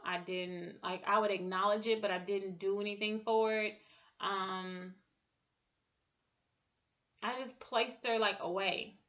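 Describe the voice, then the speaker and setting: A woman in her thirties giving an emotional personal testimony, halting and full of fillers and restarts. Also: mid-range voice, sharp tone, highs cut off. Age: 30s. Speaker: speaker sharing a personal testimony.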